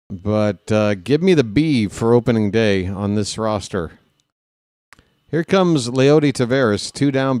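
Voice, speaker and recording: A man calls a baseball game for a fan channel, drifting into joking tangents between pitches. He talks at an unhurried pace with pauses between calls. His voice is dry and close, with no room around it. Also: darkish tone, dry recording. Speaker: play-by-play announcer. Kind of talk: fan-made live play-by-play commentary.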